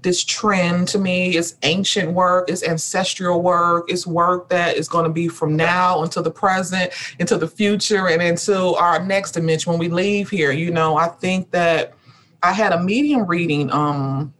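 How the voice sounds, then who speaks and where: A woman's voice: fairly low pitch, fairly even intonation, measured pace, a bit bright. Earnest woman speaking in rhythmic refrains. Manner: earnest, repetitive rhythmic phrasing. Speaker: guest, rest activist. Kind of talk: reflective spiritual conversation.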